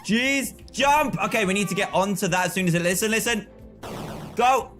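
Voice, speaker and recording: High bright-voiced excitable male gamer. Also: moderate pace, soft background music. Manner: frustrated, excitable, yells at the game. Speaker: streamer. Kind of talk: live gameplay commentary.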